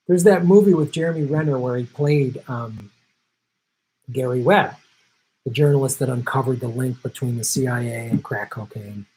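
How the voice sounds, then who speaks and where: A man's voice: mid-range voice, moderate pace, pauses often, warm tone, slightly rough, low-quality recording. A middle-aged man hosting a political commentary show, reading viewer questions and going off on emphatic, rambling rants, laughing easily.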